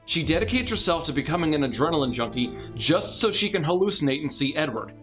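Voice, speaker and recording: A man's voice: on the high side, animated, fast, few pauses, fairly bright tone, soft background music. A man narrating a scripted comedic movie review with sarcastic, mocking asides.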